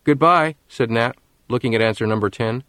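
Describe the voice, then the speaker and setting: A man reading a story aloud in scripted narration, with a measured storytelling manner. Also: fairly low pitch, a bit bright, dry recording. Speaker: audiobook narrator.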